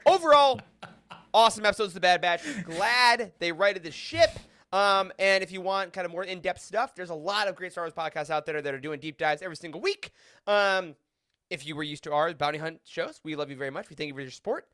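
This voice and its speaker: A man hosting a casual podcast roundtable, enthusiastic, laughing often and throwing in animated asides. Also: high-pitched, brisk, no room sound. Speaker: podcast host.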